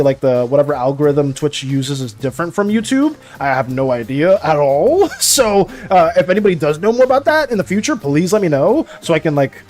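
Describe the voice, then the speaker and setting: A young man chatting casually on a livestream with a fairly high voice. He swings his pitch widely as he talks and laughs often. He gets worked up over his opinions, then turns apologetic. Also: darkish tone. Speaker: art streamer. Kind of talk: casual livestream chat with viewers.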